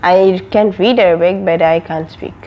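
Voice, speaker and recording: A woman's voice: on the low side, fairly even intonation, normal speed, dull audio, a little hiss or hum. A young woman from an Arab country, a vlogger telling a personal story in a casual, rambling way full of fillers and restarts.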